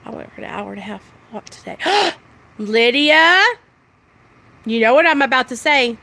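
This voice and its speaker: Loud, chatty young woman with a bright voice. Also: fairly high pitch, normal speed, creaky. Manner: loud, chatty, excitable, talks straight to viewers. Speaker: recovery vlogger. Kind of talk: casual live-stream chat.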